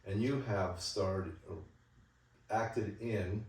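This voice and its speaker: A man's voice: lowish voice, extremely slow, a little mellow, distant mic. A man hosting an interview, asking questions eagerly and chiming in over his guest with chuckles. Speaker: podcast host. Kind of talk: casual interview. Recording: very echoey room, off mic.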